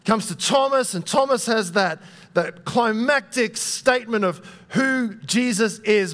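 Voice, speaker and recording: A man's voice: high-pitched, a little slow, a bit bright. Chatty young man preaching a sermon. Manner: conversational, self-deprecating, with fillers.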